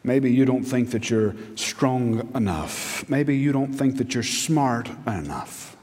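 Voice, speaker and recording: Pastor, middle-aged man, emphatic sermon with rhetorical questions, mid pitch, long hall reverb. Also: lively intonation, slow, a little mellow. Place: church sanctuary.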